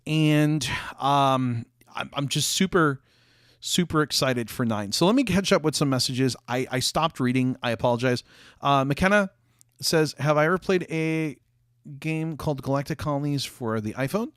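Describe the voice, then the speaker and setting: A young man talks off the cuff to his livestream audience, wandering through his thoughts with plenty of ums and restarts. His voice sits at an ordinary middle pitch and sounds close and dry, with almost no room behind it. He is a little hoarse, coughing and hiccuping now and then. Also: unhurried, fairly bright tone, no echo. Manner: rambling, many fillers and restarts. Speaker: streamer chatting with viewers. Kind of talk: casual livestream chat. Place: office.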